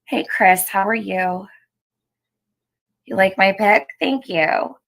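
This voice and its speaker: A woman's voice: mid-range voice, takes it slowly, vocal fry, fairly bright tone. A woman hosting a live stream, chatting casually with viewers and reading out their comments, laughing often.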